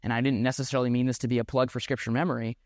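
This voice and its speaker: A man delivers a sermon in a steady middle-pitched voice, earnest and reflective, now and then restarting a phrase. The sound is dry and close, with almost no room echo. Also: rapid-fire. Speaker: pastor.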